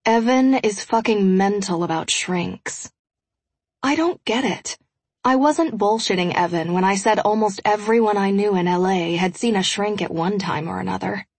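A woman's voice: medium pitch, moderate pace, hardly any pauses, a little mellow, no echo. A woman narrating a first-person audiobook in a frank, conversational way.

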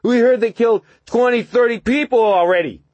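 A man's voice: very high voice, fairly quick, a little mellow, dry recording, muffled recording, pitched above the performer's own voice. A man reading an audiobook, voicing a drunk young man who rants in a slurred, agitated way. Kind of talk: audiobook narration.

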